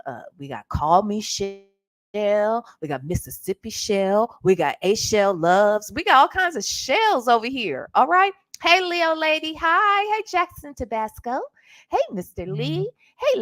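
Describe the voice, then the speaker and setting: A woman hosting a live stream, with a high voice that stays up in her register. She talks in an unhurried, drawn-out way, greeting her chat and tossing in emphatic asides. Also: fairly bright tone. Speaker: livestream host.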